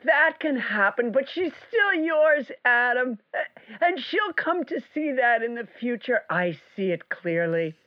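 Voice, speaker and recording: A woman's voice: on the high side, sing-song, unhurried, no echo, muffled recording. A woman playing a self-assured, mystical psychic caller who is confidently wrong, heard over the phone in a comedy sketch.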